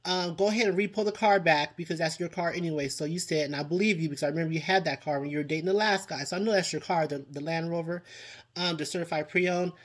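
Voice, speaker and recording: Talking fast at a medium pitch, a TV show reviewer offers casual reality-show commentary on their channel. They sound exasperated and dramatic, sighing and exclaiming frequently, addressing people directly, and repeating lines to drive points home.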